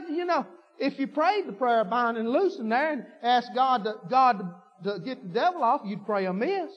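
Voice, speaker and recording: A man preaching a sermon, folksy and fervent, repeating himself and building to shouts. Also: extremely high pitch, lively intonation, normal speed. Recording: dull lo-fi recording with long hall reverb.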